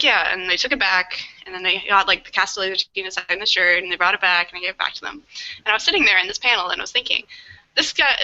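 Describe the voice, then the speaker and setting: Bright-voiced chatty woman storyteller. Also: mid-range voice, highs cut off. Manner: chatty storyteller, many "like"s, quotes others. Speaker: volunteer guardian recounting a story. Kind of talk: casual podcast chat.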